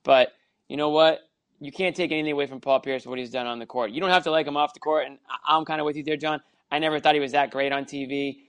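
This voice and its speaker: A man co-hosting a casual sports podcast, giving measured, opinionated takes. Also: on the high side, fairly even intonation, clean tone. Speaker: podcast co-host.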